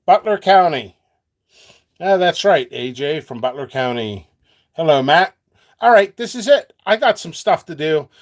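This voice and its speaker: A man's voice: fairly high pitch, lively intonation, normal speed. A man hosting his channel as a seed seller, talking to viewers in a rambling, joking way and laughing often. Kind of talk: free-flowing casual talk to viewers.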